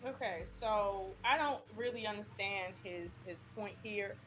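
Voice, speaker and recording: A woman's voice: mid-range voice, a little slow, a bit bright. A woman on a live-stream panel, arguing her point emphatically in casual debate. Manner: argumentative, emphatic.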